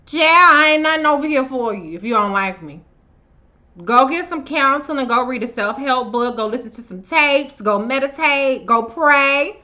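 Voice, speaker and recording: A woman chats casually on her own live stream, calling out viewers by name. Her voice sits a little high and comes across bright and sharp. She talks bluntly, swears freely and stays animated. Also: muffled recording. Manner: profane and blunt. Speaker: livestream host. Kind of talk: casual livestream chat. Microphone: own camera on a live stream.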